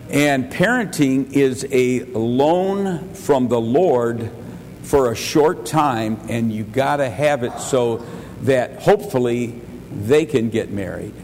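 A man's voice: medium pitch, long reverb tail, a little hiss or hum. An older man preaching a sermon as pastor, telling folksy family stories and pushing his voice up for emphasis. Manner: folksy storytelling, chuckles, bursts louder for emphasis.

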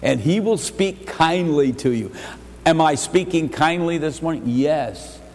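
A male pastor preaching a sermon in a church, emphatic, rising to raised exhortation and dropping to quiet earnest asides, often repeating words as he restarts. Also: on the high side, expressive, measured pace. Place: church sanctuary. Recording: long church reverb, faint ambient noise.

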